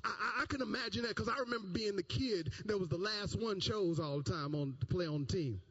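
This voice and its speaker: A man preaching a sermon, telling the story with lots of repetition and bursts of loud emphasis. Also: high voice, fairly quick, slightly rough. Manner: animated storytelling, repeating phrases, rising to shouts. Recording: dull lo-fi sound.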